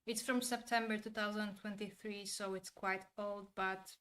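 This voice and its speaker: A woman talks to her stream chat in a loose, casual way, and her voice sits at a middling pitch. She is opinionated and blunt and drops in the occasional swear word. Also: little pitch movement, normal speed, a bit bright. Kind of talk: casual livestream commentary.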